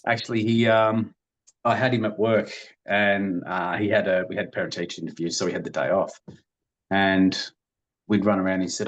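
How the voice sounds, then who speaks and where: A man, speaking as a podcast guest in a low voice. He tells family stories at an easy, rambling pace. He restarts his sentences often and laughs lightly between them. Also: fairly even intonation, brisk. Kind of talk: casual storytelling.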